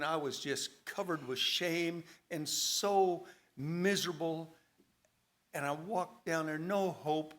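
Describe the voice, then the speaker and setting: A man's voice: fairly high pitch, fairly bright tone. Man sharing a dramatic personal testimony. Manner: dramatic storytelling, voice rising and falling with emotion. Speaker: church member giving testimony. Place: church service.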